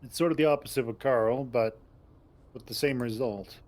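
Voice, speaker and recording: A man on an online voice call, reading visual novel narration and joking around in a calm, dry way. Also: medium pitch, moderate pace. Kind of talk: casual chat and narration reading.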